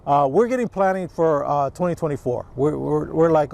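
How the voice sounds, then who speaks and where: A man's voice: on the high side, normal speed, vocal fry, a little mellow, slight background noise. A middle-aged man hosting a casual vlog, talking to camera outdoors in a rambling way with lots of restarts. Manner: rambling, restarts, acts out quotes. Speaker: channel host, youth sports business owner.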